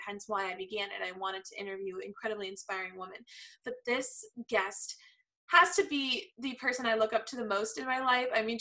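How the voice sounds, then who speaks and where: Bright, gushing young woman host. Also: fairly high pitch, low-quality recording. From Florida. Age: teens. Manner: gushing, chatty, lots of fillers. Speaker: podcast host. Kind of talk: casual interview chat.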